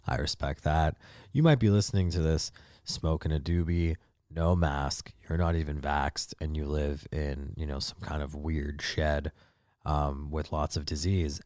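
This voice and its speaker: A young man hosting a podcast, telling a courtroom story in a ranting, heavily swearing, animated way into a close mic. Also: sits low, no echo. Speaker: podcast host. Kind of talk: profane comedic storytelling.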